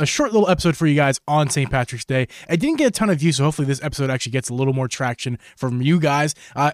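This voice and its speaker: A man hosting a casual podcast, excitable and quick to laugh. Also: a little high, no echo, studio quality. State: out of breath. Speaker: podcast host.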